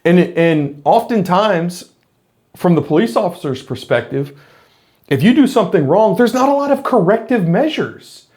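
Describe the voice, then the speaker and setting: A man's voice: high voice, expressive, moderate pace, darkish tone. A middle-aged man, a former police officer, talking earnestly in a reflective monologue to camera, explaining his points with frequent restarts.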